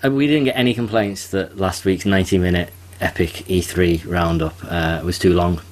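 Very deep-voiced man chatting on a podcast. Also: fairly even intonation, moderate pace. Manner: chatty, restarts and self-corrections. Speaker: podcast co-host. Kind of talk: casual chat.

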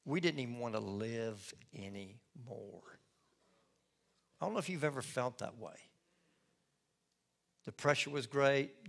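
Folksy middle-aged pastor preaching. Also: male voice, mid-range voice, creaky, fairly bright tone. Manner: folksy storytelling with self-deprecating humor. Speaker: lead pastor. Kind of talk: sermon with personal testimony.

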